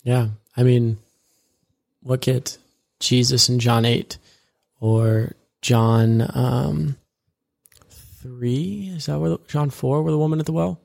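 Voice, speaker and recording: A man with a gravelly, creaky edge in a mid-range voice, talking through faith in a loose, conversational way. He rambles, corrects himself, and retells scripture scenes in plain everyday words. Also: medium pitch, steady tone, slow, pauses often, darkish tone. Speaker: co-host of a discipleship podcast. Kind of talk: casual faith discussion.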